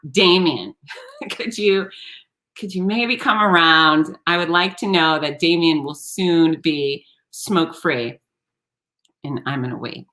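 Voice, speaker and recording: A woman hosting a live-streamed talk show, chatting with viewers in an animated, sarcastic way. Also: low voice, takes it slowly. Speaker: host.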